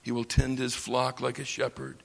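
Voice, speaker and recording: A man from the United States teaching a lecture on scripture, slow and emphatic, pausing for effect and building his lines up. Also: mid-range voice, monotone, gravelly. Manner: slow, emphatic delivery with dramatic pauses and swells. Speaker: Bible teacher. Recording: long reverb of a large hall.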